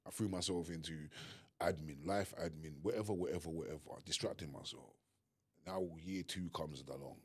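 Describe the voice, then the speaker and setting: Very deep guy on a podcast, earnest and emphatic, stumbles and restarts. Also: a little fast, darkish tone, breathy edge. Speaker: podcast co-host. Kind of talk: candid conversation.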